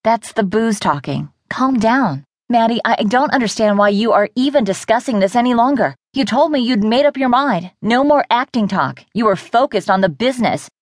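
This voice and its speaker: A woman's voice: fairly high pitch, animated, moderate pace, few pauses, no room sound, clean studio sound, pitched above the performer's own voice, close to an everyday voice. A woman narrator voicing a young woman, a blunt, patronizing best friend, in an audiobook. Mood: dismissive. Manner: dismissive, patronizing. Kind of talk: audiobook character voice.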